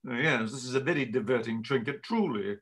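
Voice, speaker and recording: A man reading a part aloud in a live play reading, blustering and gruff. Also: medium pitch, brisk, a bit bright. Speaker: volunteer reader playing Sir Anthony.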